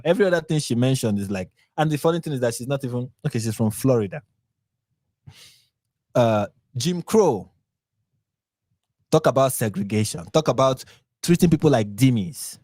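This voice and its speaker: A man's voice: medium pitch, animated, moderate pace, a little mellow, no echo. A Nigerian man with a Nigerian accent hosting his channel, giving sarcastic, mocking live commentary on posts and rambling through restarts and repeats. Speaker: channel host.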